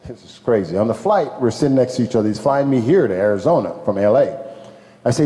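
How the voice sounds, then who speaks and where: An older man from Jamaica, a former ballplayer telling animated stories to a crowd, acting out the people he quotes, laughing often and swearing. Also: mid-range voice, fast talker. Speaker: former pro ballplayer, guest speaker. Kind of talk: casual storytelling to a crowd. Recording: echoey hall with long reverb.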